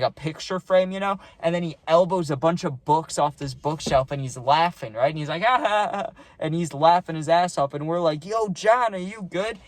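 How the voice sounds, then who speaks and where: A man's voice: a little high, darkish tone, dry recording. A young man casually telling a rambling party story, full of slang and saying "dude" a lot.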